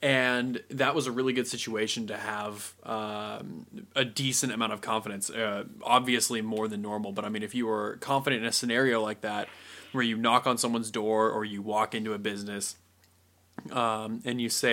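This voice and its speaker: A young man talking casually as a podcast co-host, animated and acting out little scenes in quick voices. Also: fairly low pitch. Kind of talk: casual chat.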